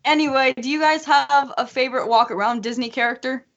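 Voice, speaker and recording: A woman's voice: sits high, a little fast, a bit bright. A woman guest in a casual podcast chat, talking as an emphatic, opinionated fan. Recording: slightly muffled lo-fi audio.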